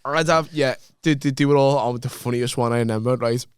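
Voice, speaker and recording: A man's voice: mid-range voice, a little fast, clean tone, no echo, studio quality. A young adult man telling a story in casual podcast chat, laughing at himself as he goes. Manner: laughing, self-mocking storyteller. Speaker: podcast co-host.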